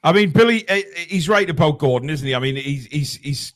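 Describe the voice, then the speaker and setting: A man hosting a casual football fan chat, halting and stammering on repeated restarts. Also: fairly high pitch, animated, a bit bright. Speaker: host.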